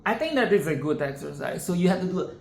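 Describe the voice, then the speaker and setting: This singing tutorial host speaks quickly in a gravelly, sing-song voice on the low side. Chatty and prone to cutting herself off, she leads a relaxed lesson from an echoey room and frequently slips into exaggerated sung demos.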